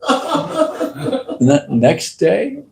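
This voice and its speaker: A man giving a casual talk at a temple, telling lively anecdotes and acting out the people in them. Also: high-pitched, drawn-out words, creaky, slight background noise, poor audio. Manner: lively anecdotal storyteller, acts out quotes. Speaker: temple speaker.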